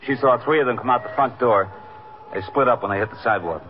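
A man's voice: mid-range voice, quick pace, close to an everyday voice. An actor playing a dutiful young patrolman in a 1950s radio drama, talking in a plain, matter-of-fact way. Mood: reporting. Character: loyal, dutiful young patrolman driving the captain's car. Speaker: police officer. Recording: muffled old radio broadcast with hiss.

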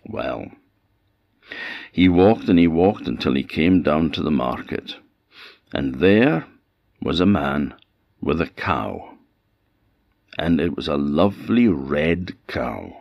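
A man with an Orkney accent telling a folktale in an unhurried, expressive way, in a dull, dry recording. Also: a bass voice, creaky, dry recording. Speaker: storyteller.

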